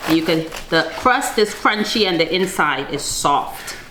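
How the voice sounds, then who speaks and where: A woman's voice: lowish voice, animated, a little slow. A woman hosting a home cooking vlog in her kitchen and encouraging her child as they bake. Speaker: host and mother. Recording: echoey kitchen with faint noise.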